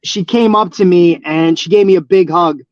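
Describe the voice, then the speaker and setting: A man's voice: sits high, moderate pace, no echo, dull audio. A man, a professional wrestler, telling stories in a casual interview, rambling with many fillers and restarts.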